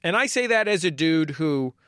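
A man's voice: a little high, animated, normal speed, fairly bright tone, clear, resonant tone, no room sound, studio quality. A man from San Francisco interviewing a guest with wry, playful questions. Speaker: podcast interviewer.

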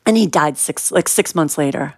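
A woman's voice: low voice, expressive, moderate pace, darkish tone, husky, no echo, studio quality. A woman guest in an interview, telling a personal story and acting out quoted lines with whispers and shifts of voice.

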